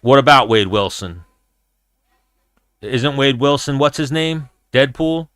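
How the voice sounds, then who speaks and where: A man hosting a casual live-stream fight chat, telling animated, profane stories about brawls he has been in and reacting to viewer comments. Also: medium pitch, slow pace, clear, resonant tone, no echo, studio quality.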